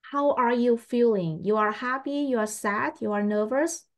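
A woman English teacher, patiently testing a young pupil and repeating her questions slowly. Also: fairly high pitch. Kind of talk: online English test with a child.

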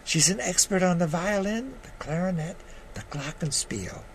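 A woman's voice: lowish voice, expressive, normal speed, slight background noise, rough recording. An older man voicing a suspicious elderly mother who stammers and hesitates in a read-aloud story. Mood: wary.

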